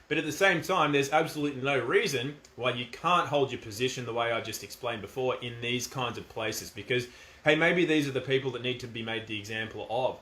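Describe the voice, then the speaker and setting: A man's voice: mid-range voice, fast talker, bright, forceful tone. A middle-aged man with an Australian accent, talking in a casual, firm and emphatic monologue. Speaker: commentator. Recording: echoey room.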